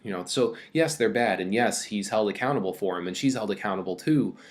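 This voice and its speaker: A man with a lowish voice speaks briskly, giving a casual recorded mini-lecture. He talks loosely with plenty of fillers and reads quoted passages aloud with extra energy.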